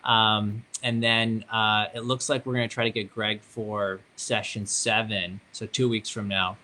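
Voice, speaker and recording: A man with a Canadian accent hosting a relaxed book club chat, upbeat and joking, thinking aloud with fillers. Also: on the low side, measured pace. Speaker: host.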